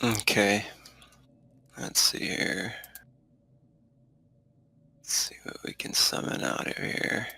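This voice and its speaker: A man running a tabletop game as game master, talking in halting bursts with frequent laughs. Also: fairly low pitch, steady tone, creaky, sharp tone, slightly rough. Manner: halting, laughs often between rulings.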